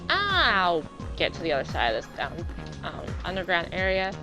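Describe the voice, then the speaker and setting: Young woman chatting thru a game she's playing, bouncy lively pitch, game music behind her. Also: moderate pace. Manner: chatty, self-deprecating, exclaims a lot. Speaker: let's play host. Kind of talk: casual gameplay commentary.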